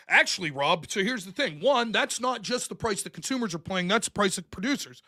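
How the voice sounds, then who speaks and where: A man's voice: very high-pitched, big pitch swings, fairly quick, few pauses, bright, forceful tone. A man hosting a show, delivering a blunt, profane, sarcastic political commentary rant. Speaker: show host.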